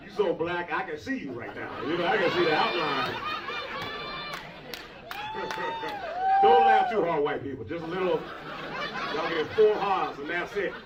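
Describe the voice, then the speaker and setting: High, animated stand-up comic. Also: male voice, takes it slowly, long pauses, over a noisy crowd, heavy background noise. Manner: loud, playful, animated, laughing often. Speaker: stand-up comedian. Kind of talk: stand-up crowd work. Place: comedy club stage. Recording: roomy live club audio from a distance, dull. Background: loud audience laughter.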